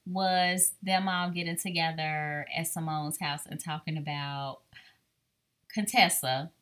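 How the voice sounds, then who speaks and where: A woman's voice: sits low, fairly even intonation, slow pace, fairly bright tone. A married woman co-hosting a podcast, chatting casually in an easygoing, agreeable way. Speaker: podcast co-host. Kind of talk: casual chat.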